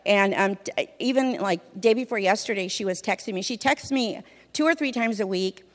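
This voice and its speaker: A woman from a church sharing her testimony in a conversational, expressive way, often saying "you know". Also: medium pitch, brisk. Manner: fills speech with "you know", vivid and expressive. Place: church hall. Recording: reverberant hall.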